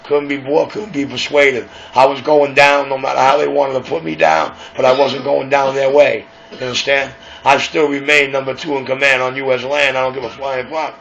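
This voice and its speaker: A man's voice: medium pitch, level tone, normal speed, vocal fry, few pauses, a bit bright. A man with a New York accent hosting late-night radio, rambling and conspiratorial in casual talk. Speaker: radio show host. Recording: dull lo-fi recording with faint hiss.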